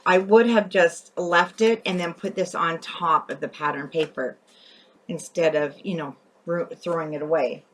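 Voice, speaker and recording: A woman hosting a craft tutorial, chatting as she works and often correcting herself. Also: fairly low pitch. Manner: chatty, thinking aloud while working, often self-correcting.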